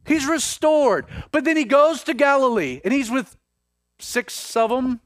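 A male pastor preaching a sermon, acting out scripture scenes with swings between loud intensity and hushed moments. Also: extremely high pitch, lively intonation, unhurried, no echo, studio quality. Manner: dramatic preaching, voices scripture figures with rising intensity.

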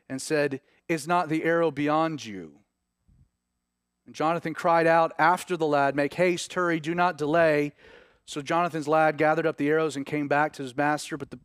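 A man preaching a sermon, reading scripture aloud and then commenting on it with rising, animated emphasis. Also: a little high, smooth, no room sound, clean studio sound. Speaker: pastor. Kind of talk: sermon, Bible teaching.

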